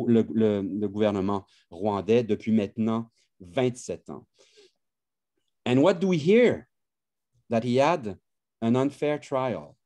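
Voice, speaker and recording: A man's voice: medium pitch, warm tone. Impassioned emotional male lawyer. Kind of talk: press conference statement.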